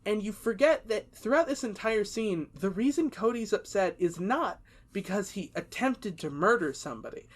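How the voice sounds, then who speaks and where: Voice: mid-range voice, lively intonation, normal speed. A young adult podcast co-host in casual chat, sarcastically recapping a movie and acting out the characters' lines.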